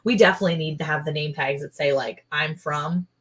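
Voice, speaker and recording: Chatty woman with a low voice. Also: a little fast. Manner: chatty, rambling, quotes people in lively voices. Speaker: livestream co-host. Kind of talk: casual livestream chat.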